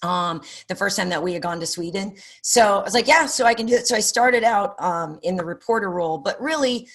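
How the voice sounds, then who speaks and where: A middle-aged woman, a sports TV host, chatting as a podcast guest and telling animated stories with many fillers and restarts. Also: mid-range voice, a little fast. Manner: animated storyteller, many fillers and self-corrections. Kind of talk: casual interview chat.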